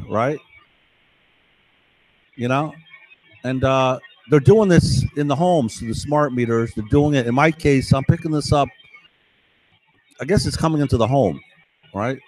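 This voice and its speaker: A man's voice: medium pitch, expressive, unhurried, pauses often, a little mellow, no room sound, poor audio. A man in a casual monologue, rambling and insistent, with an aggrieved, conspiratorial tone that keeps checking in with "right?".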